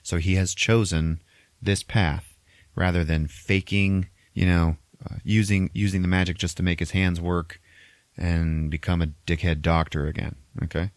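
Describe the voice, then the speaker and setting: A man hosting a podcast, recapping a movie in a casual, animated way, swearing freely and laughing often. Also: low-pitched, normal speed, dry recording. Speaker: podcast host.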